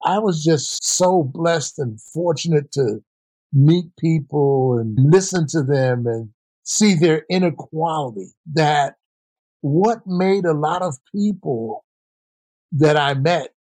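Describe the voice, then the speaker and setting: A man's voice: a little high, slow pace, no echo. An older man, a former basketball player and coach, telling stories in an interview and acting out the voices of the people in them. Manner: animated, acts out quoted voices. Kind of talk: storytelling interview answer.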